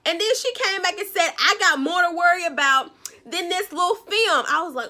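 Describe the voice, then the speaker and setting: A woman giving a casual, animated recap of a TV episode. She talks in a sassy, chatty way and acts out the characters' lines. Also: very high voice, normal speed. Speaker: recap vlogger.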